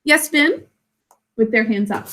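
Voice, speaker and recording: A woman teaching her class over a video call, patient and encouraging as she walks through each word step by step. Her voice is bright and somewhat high, with a forceful edge. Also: lively intonation, unhurried, a little hiss or hum. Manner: explains step by step. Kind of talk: classroom instruction.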